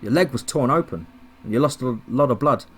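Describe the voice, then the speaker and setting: A man voicing an older male forest service official who speaks with a Texan twang in a calm, questioning way. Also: mid-range voice, a little fast, husky, natural voice. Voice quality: country twang.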